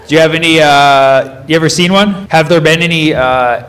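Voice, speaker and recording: A man from the United States doing stand-up crowd work, questioning the audience in a quick, playful way. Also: fairly high pitch. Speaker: stand-up comedian. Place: comedy club with a live audience. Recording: live stage recording with crowd noise.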